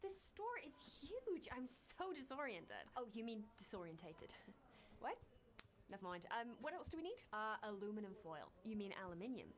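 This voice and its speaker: A woman's voice: mid-range voice, very animated, normal speed, slight background noise. A woman performing a comedy sketch with teasing, mock-exasperated back-and-forth banter.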